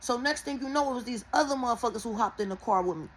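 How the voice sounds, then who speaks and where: A woman who reads tarot, telling viewers a dream in a casual, animated and heavily profane way. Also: fairly high pitch, fast talker, a little hiss or hum, poor audio. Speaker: tarot and oracle reader.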